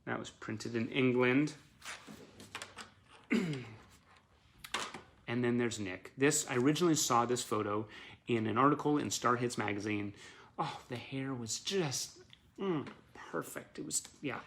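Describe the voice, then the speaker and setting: A man's voice: medium pitch, measured pace, gravelly, pauses often, a bit bright, slight background noise. A man who collects band memorabilia, chatting casually on a live stream and showing off his items, enthusiastic and full of fillers.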